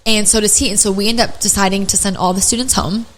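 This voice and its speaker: A woman's voice: medium pitch, fast talker, rough recording. A young woman hosting a podcast, telling a story in casual chat with lots of filler "like"s. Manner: animated storytelling with frequent "like" fillers. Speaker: podcast host.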